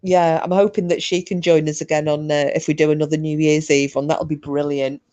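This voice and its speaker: A woman's voice: deep voice, level tone, a little fast, warm tone. A middle-aged woman hosting a casual livestream from home, chatting and laughing through bawdy banter with her viewers. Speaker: livestream host. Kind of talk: casual chat with live chat viewers.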